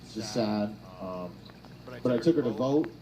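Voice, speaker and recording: A man performing a stand-up comedy set, telling stories in a dry, deadpan way and acting out quotes. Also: on the low side, normal speed, background noise. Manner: deadpan storytelling with acted-out quotes. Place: comedy stage with a laughing audience. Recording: live audience laughter.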